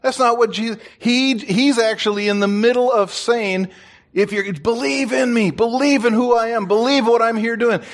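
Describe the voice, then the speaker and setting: A man, a pastor, preaching a sermon in an animated way and joking with his congregation. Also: very high voice, normal speed. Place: church.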